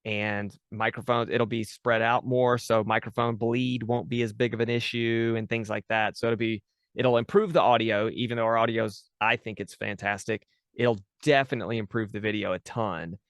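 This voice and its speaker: Man, chatty guest, smooth resonant voice, dry close sound. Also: lowish voice, steady tone, normal speed, a bit bright, dry recording. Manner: chatty, many fillers and restarts. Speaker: podcast dungeon master, guest. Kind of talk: casual interview chat.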